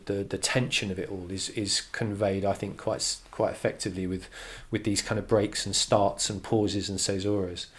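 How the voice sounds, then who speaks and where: A man with a slightly low voice talks through a poem as a teacher. He thinks aloud, repeats and restarts his phrases, and reads the quoted lines with stress. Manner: thoughtful, many restarts, reads quotes with emphasis. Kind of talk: poetry analysis lesson.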